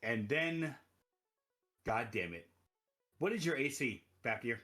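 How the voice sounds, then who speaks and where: A man's voice: medium pitch, animated, takes it slowly, sharp tone, faint music behind. A man running an online tabletop game as game master, narrating casually with frequent laughs and swearing.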